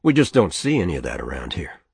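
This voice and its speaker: Man doing a gruff, impatient saloon keeper. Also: deep voice, huge pitch swings, quick pace, no room sound, exaggerated voice. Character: gruff male saloon owner, blunt and impatient.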